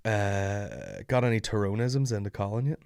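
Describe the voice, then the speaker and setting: A man chatting casually as a podcast host, telling animated stories with plenty of swearing. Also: on the low side, normal speed, vocal fry, smooth, dry recording, studio quality. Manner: animated storytelling, swearing, acting out voices. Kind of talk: casual chat.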